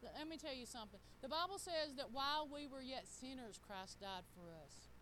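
A woman's voice: sits high, lively intonation, moderate pace, fairly bright tone, a little hiss or hum, poor audio. A middle-aged woman preaching a sermon, talking straight to the congregation in a folksy way.

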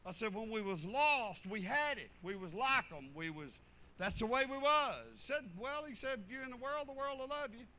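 Fervent folksy preacher man, high bright voice. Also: animated, moderate pace, rough recording. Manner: folksy, swings from fervent loud preaching to low muttered asides. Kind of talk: sermon.

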